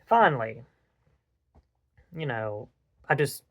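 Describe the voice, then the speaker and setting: A man hosting a casual chat, telling rambling, animated stories and swearing freely. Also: mid-range voice, takes it slowly, lo-fi sound. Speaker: podcast host.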